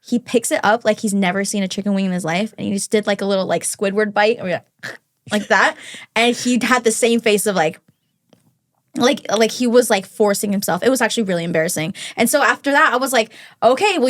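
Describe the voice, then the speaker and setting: Brief: young woman guest, slightly high voice, animated anecdote teller who plays out every line of dialogue. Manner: animated, acts out quotes in storytelling. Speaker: podcast guest. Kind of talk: casual storytelling.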